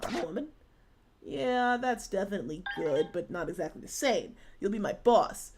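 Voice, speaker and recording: A blunt, cocky strongwoman superhero from a dating game, as a woman reads her lines. She talks in a teasing, easygoing way at a middle pitch. Steady background noise runs under the voice. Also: normal speed, natural voice. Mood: confident. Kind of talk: reading game dialogue aloud.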